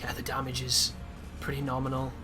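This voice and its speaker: A man's voice: mid-range voice, monotone, brisk. A man chatting through a game, reacting live and swearing at times. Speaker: gaming commentator. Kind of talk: casual gameplay commentary. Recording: loud game music behind.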